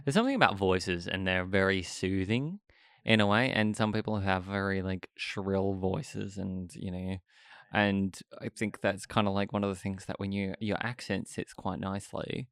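A man's voice: low-pitched, normal speed, a bit bright, smooth, dry recording, clean studio sound. A man with an Australian accent chatting casually in a genteel, rambling way full of fillers. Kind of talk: casual chat.

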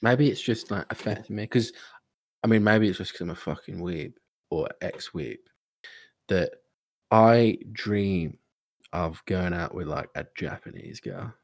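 A laid-back young man in podcast chat, offhand and loose, with a slightly low voice. He swears casually as he talks. The sound is close and dry. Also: a little slow, no room sound. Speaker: podcast co-host.

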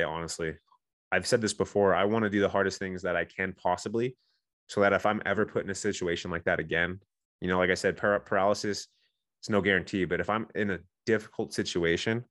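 A man in his thirties tells his own story as a guest, fast and heartfelt. His voice sits low and he speaks in quick bursts, circling back with restarts and "you know"s. The sound is dry and close. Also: steady tone, fairly bright tone, no room sound. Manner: earnest, emotional, many restarts and "you know"s. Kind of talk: candid personal storytelling.

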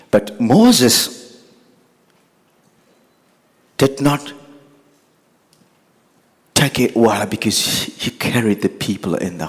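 A man's voice: mid-range voice, husky. A man preaching a sermon, earnest and building to impassioned pleading. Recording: echoey hall with long reverb.

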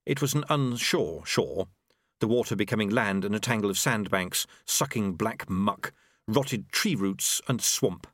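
A man reading a novel aloud, voicing the characters' lines by shifting his pitch. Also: lively intonation, a little slow, fairly bright tone, no echo. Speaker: audiobook narrator. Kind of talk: novel narration with character voices.

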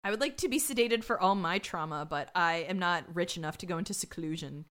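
A woman's voice: fairly low pitch, brisk, a bit bright. A woman co-hosting a podcast, recapping an episode in casual, wry chat and swearing freely. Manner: wry, quotes characters in mock voices, swears casually. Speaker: podcast co-host.

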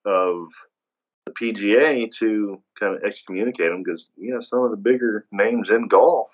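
A man's voice: lowish voice, moderate pace. A man co-hosting a podcast, chiming in agreeably with short remarks on sports. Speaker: podcast co-host. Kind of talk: casual sports chat. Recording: slightly dull, muffled sound.

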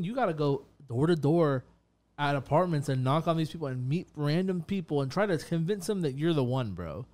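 A man co-hosting a podcast in loose, emphatic chat, swearing freely and calling everyone "bro". His voice sits a bit higher than most men's. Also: a little mellow. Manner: emphatic, profane, keeps saying "bro". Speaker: podcast co-host.

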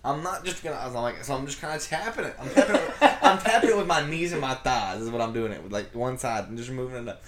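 A man, co-hosting a podcast, telling a work story in a casual, animated way and laughing through it. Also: medium pitch, fast, hardly any pauses, crowd noise. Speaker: podcast co-host. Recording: roomy echo.

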